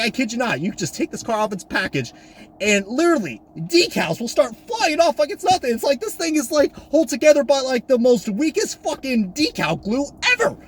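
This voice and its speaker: A man ranting loudly on camera about diecast cars, swearing and swinging from high exasperated shouts down to low mutters. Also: slight background noise. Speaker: diecast collector vlogger. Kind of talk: profane comedic rant. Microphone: camera mic.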